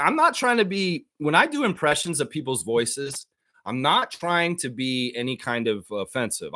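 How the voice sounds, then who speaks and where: An excitable man hosts a live basketball stream, reading viewer comments and riffing on them. His voice sits a little high and leaps up and down constantly, with an animated, chatty delivery. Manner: animated, excitable, quick to laugh at his own bits. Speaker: livestream basketball show host.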